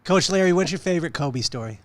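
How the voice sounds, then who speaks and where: Podcast host guy, asks quick questions, casual chat. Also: on the high side, lively intonation. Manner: prompts the guest with short questions. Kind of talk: casual interview.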